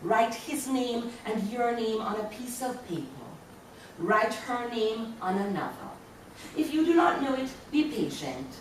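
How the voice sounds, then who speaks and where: A woman's voice: on the high side, expressive, a little slow. A woman from Jamaica with a Jamaican accent, reading her poetry to an audience in a lecture hall and chuckling between lines. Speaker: poet. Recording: very echoey hall, voice from far off, faint room noise.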